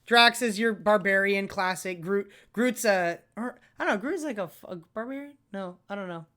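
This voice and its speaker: A man's voice: high-pitched, moderate pace, pushed and bright. A man co-hosting a podcast, chatting casually in a rambling way with many fillers and restarts. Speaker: podcast co-host. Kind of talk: casual chat.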